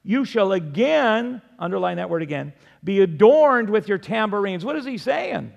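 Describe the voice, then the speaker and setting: An older man preaching a sermon as pastor, emphatic, swinging between loud declarations and soft appeals. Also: sits high, sing-song, moderate pace, creaky, big-room sound, muffled recording.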